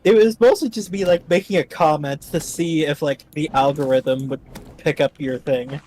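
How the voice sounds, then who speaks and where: A man from Canada chatting casually with a friend while gaming, easygoing and quick to laugh. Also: a little high, steady tone, darkish tone.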